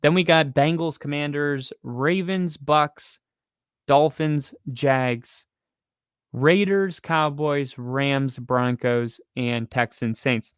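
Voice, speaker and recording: Rambling excitable man talking football. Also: a little high, takes it slowly, smooth, no echo, clean studio sound. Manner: rambling and excitable, with frequent fillers. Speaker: podcast co-host. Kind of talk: casual sports chat.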